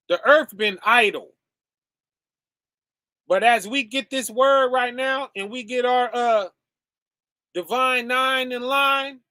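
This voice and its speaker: A man preaching casually over a stream, conversational and relaxed, often checking in with "right?" and "okay?" and calling his listeners "y'all" and "fam". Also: extremely high pitch, no room sound, clean studio sound.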